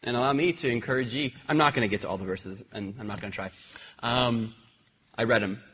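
A man preaching a sermon, telling animated personal stories with many restarts and repeated words. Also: medium pitch, fairly quick, a little hiss or hum. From Ireland. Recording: husky voice in a hall with long reverb.

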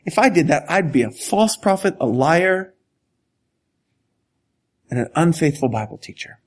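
A man preaching a sermon as a pastor, earnest and deliberate, with dramatic pauses and sudden drops to a whisper. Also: on the high side, very animated, husky.

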